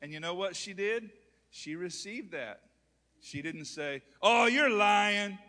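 Bright-voiced preacher in a church hall. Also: male voice, on the high side, measured pace. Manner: preaching with calls to the congregation and rising, shouted peaks. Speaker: pastor. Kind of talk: sermon. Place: church sanctuary with congregation. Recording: long hall reverb.

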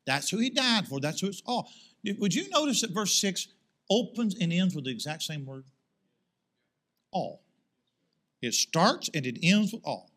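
A male pastor preaching a sermon to his congregation in church. He asks rhetorical questions and rises into loud, emphatic swells. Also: sits high, big pitch swings, a little slow, pauses often.

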